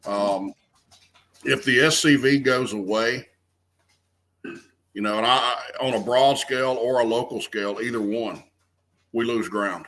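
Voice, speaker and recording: A man's voice: medium pitch, unhurried, pauses often, a bit bright, rough recording. A man, speaking earnestly as a guest and restarting phrases as he talks. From American South. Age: 50s. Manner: earnest, restarts phrases often, stresses key words. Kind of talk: conversational interview.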